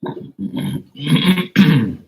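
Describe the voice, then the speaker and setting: A middle-aged tarot reader on a livestream speaks very slowly in a fairly high-pitched voice, greeting viewers by reading out their names. His manner is relaxed and chatty. The rough recording carries a little hiss or hum.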